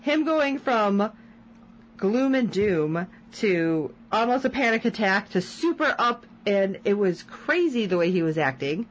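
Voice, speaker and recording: A woman's voice: medium pitch, measured pace, highs cut off, slight background noise. Lady podcast cohost going over a tv episode, voice jumps all over the place. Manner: animated, retells scenes with quoted lines. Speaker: podcast co-host. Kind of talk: casual chat recapping a TV episode.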